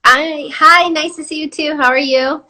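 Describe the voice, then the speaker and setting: A woman's voice: high voice, steady tone, moderate pace, sharp tone. A woman guest on a chat show over a video call, chatty and playful, laughing as she talks. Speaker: actress guest. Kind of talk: casual video-call interview.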